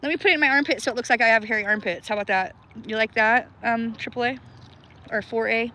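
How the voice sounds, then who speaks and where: A woman's voice: fairly high pitch, quick pace, bright, forceful tone, a little hiss or hum. A woman livestreaming from a cold river outdoors, chatting casually with viewers by name and laughing often, shivering with cold. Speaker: livestream host.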